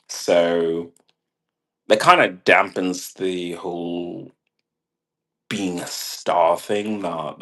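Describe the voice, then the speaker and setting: A man rambling casually in a monologue, swearing and laughing at his own jokes. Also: sits low. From half British. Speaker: vlogger.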